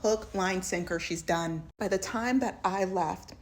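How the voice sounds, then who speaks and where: A woman with a mid-range voice tells a story in a sassy, animated vlog commentary. She slips in and out of mocking impressions. A faint hiss sits under the recording. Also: mid-range voice, measured pace. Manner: animated, sassy, mimics people. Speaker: video essayist.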